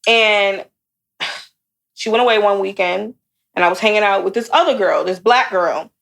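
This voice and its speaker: A young woman co-hosting a casual podcast, telling a personal story. She talks bluntly and curses freely, and she gets animated as the story builds. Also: medium pitch. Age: young adult. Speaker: podcast co-host.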